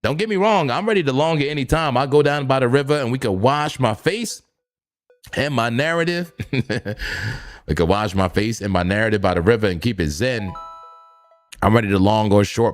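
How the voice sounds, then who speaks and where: A man's voice: medium pitch, normal speed, soft background music. A man casually commenting on live trading charts, laid-back, chuckling often and repeating his phrases. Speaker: crypto trading streamer.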